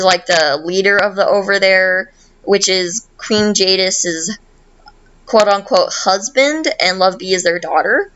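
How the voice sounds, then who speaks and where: A woman podcast host retelling a video game in loose, rambling chat. Her pitch sits in the middle, and she fills her talk with "um", "like" and casual swearing. The recording sounds a bit dull and muffled. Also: a bit bright, clear, resonant tone. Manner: rambling, profane, full of "um" and "like".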